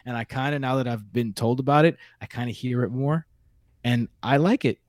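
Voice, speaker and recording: A man with a New York accent hosting a podcast in casual chat, telling stories with a joking, animated manner. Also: mid-range voice, brisk, no echo, clean studio sound. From New York City. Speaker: podcast host.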